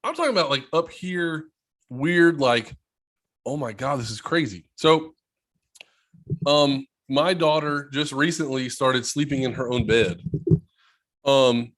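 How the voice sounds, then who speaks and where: A young man co-hosting a podcast, telling stories in a casual, animated way with some swearing. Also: mid-range voice, unhurried, long pauses. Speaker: podcast co-host. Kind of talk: casual chat.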